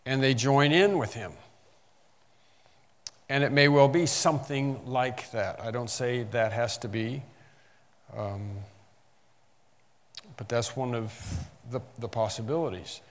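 A man's voice: medium pitch, slow pace, pauses often, in a large hall. A man preaching a sermon, explaining scripture and reading passages aloud with rising emphasis. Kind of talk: sermon, Bible exposition.

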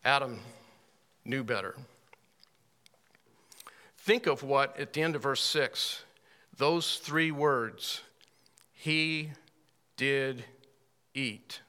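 A man teaching a Bible class in a folksy, unhurried way, with dry little asides. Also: mid-range voice, pushed and bright.

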